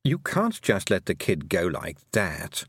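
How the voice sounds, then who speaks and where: A man's voice: low voice, huge pitch swings, a little slow, fairly bright tone, breathy edge, no room sound, heavily acted. A man voicing a sarcastic, dry-witted talking toad in an audiobook. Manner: sarcastic, drawling. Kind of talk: audiobook character voice.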